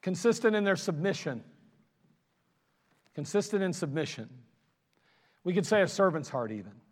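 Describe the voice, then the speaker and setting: A man preaching a sermon as pastor, talking in an animated, conversational way with self-mocking asides. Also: high voice, moderate pace. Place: church sanctuary. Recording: long reverb of a church hall.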